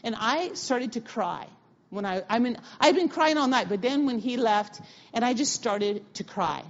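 A middle-aged woman pastor giving a conversational sermon, telling a personal story in a lively, casual way with slang and restarts. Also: medium pitch. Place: church sanctuary. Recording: dull, lo-fi audio of a church talk.

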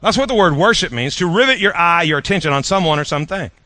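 A middle-aged male pastor preaches an animated sermon in a bright, forceful voice pitched a little high, jabbing playfully and tripping over repeated words. His delivery is fast, and the recording is dry and close.

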